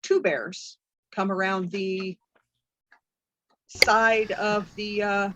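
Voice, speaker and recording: A woman narrating a tabletop game as game master, halting and full of fillers. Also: mid-range voice, steady tone, bright, forceful tone, dry recording.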